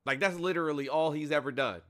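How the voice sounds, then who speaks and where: Man, call-in show host, casual political chat, swears a lot, bright voice. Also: a little high, fast talker. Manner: blunt and profane, with frequent fillers.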